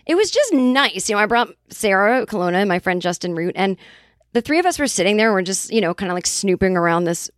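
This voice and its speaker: A woman's voice: mid-range voice, sing-song, quick pace, no room sound, studio quality. Rambling, foul-mouthed woman from Boston. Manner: rambling and profane, full of tangents and fillers. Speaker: comedian and podcast host. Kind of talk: casual chat.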